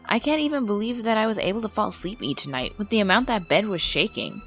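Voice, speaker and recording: Female narrator, mid-range voice, steady scripted read, faint music bed. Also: mid-range voice. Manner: calm, measured storytelling read. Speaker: narrator of paranormal stories. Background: faint background music.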